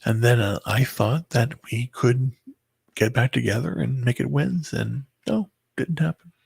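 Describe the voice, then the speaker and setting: A man telling a painful personal story in a halting, rambling way, full of filler words and bitterness. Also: medium pitch, a little mellow, no room sound. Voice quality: very husky, gravelly. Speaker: person recounting a breakup.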